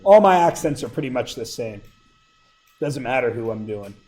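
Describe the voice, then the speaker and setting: Here a sore-throated, middle-aged man lectures a math class, constantly asking the students questions to draw out answers. His mid-range voice is animated and a little mellow at a moderate pace, while the rough recording has a bit of hiss or hum.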